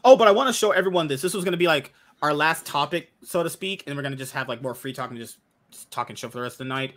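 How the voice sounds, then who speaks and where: A man's voice: on the high side, very fast, fairly bright tone. A man hosting a casual podcast chat, joking and swearing as he talks. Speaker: podcast host.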